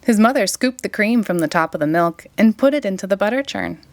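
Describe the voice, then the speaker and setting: A woman reading a children's picture book aloud in an expressive, sing-song way. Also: medium pitch, brisk, dry recording. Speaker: storytime reader.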